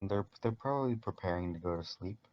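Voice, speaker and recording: Brief: deep-voiced male game master, casual halting narration, muffled lo-fi sound. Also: dry recording.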